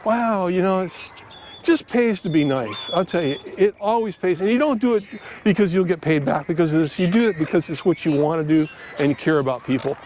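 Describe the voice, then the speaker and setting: A man's voice: sits high, lively intonation, brisk, a little mellow. A middle-aged man vlogging outdoors in a park, telling stories in a rambling, earnest way with many fillers and restarts. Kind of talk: casual storytelling to camera. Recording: outdoor ambience with faint background noise.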